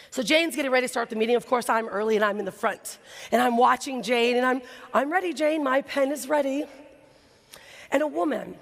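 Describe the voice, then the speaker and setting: A woman giving an animated, storytelling talk as a keynote speaker to an audience, acting out the voices of people in her story. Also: fairly high pitch, gravelly. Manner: animated, acts out quoted voices. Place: large hall before an audience. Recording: hall reverb, live stage recording.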